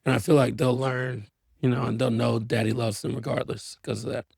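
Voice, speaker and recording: A man in his thirties talks as a guest on a candid podcast, earnest and reflective, and now and then acts out talks with his kids. His voice is gravelly and husky, in a mid register. The sound is close and dry. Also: mid-range voice, flat delivery, fairly quick, darkish tone, dry recording.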